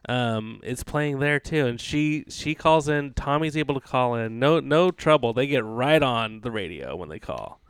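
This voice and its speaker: A man's voice: medium pitch, animated, moderate pace, hardly any pauses, clean tone, no room sound. A man co-hosting a casual podcast chat, telling rambling stories with many fillers and restarts. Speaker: podcast co-host.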